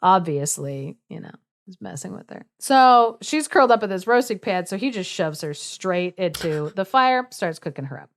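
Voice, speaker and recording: A woman's voice: on the low side, expressive, normal speed. Chatty woman retelling a folktale. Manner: chatty, wry, laughs through lines. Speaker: podcast co-host. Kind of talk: casual comic retelling of a folktale.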